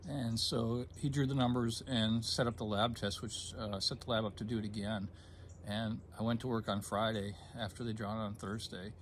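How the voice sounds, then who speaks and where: A man in his fifties recounts a personal story in casual conversation. He speaks in a plain mid-range voice, halting with fillers and restarts. A light background noise sits under the recording. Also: mid-range voice. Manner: hesitant, many ums, gets choked up then laughs. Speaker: guest sharing a personal story.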